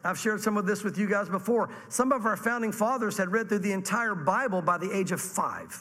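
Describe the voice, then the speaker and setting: A man preaching a sermon to a congregation, animated and acting out the voices he quotes. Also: high-pitched, fairly quick, big-room sound. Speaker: pastor.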